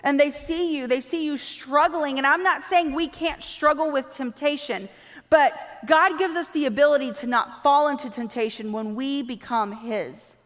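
A woman preaching a sermon, animated and acting out quoted dialogue as she speaks. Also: high voice, normal speed. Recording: long reverb of a large hall.

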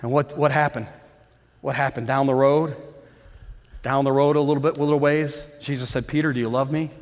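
A man's voice: medium pitch, flat delivery, normal speed, long reverb tail. A male pastor preaching a sermon with fervour, repeating phrases and asking the congregation questions.

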